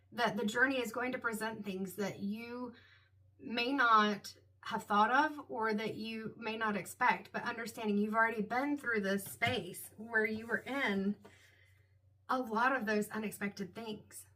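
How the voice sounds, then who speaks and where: A woman's voice: a little high, bright, forceful tone. A woman giving a casual, meandering tarot reading, reflective and full of "like" and "um". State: hiccups. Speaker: tarot reader.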